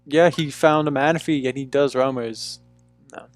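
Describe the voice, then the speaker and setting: A man's voice: mid-range voice, moderate pace, soft background music. A young man chatting casually with viewers on a live stream from a room at home, laid-back and talkative, calling people "dude". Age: young adult. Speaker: livestreamer.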